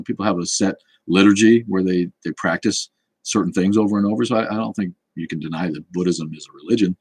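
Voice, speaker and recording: Deep husky dude chatting on a stream, snarky, lots of restarts, dry sound. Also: male voice, no room sound, rough recording. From Boston area. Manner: snarky, rambling, with many restarts. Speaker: livestream host answering chat. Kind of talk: casual livestream chat.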